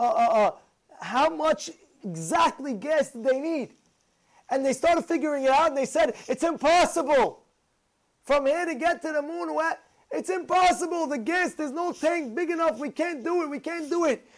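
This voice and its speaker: Animated high-voiced man giving a Torah talk. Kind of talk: informal Torah lecture with acted anecdotes.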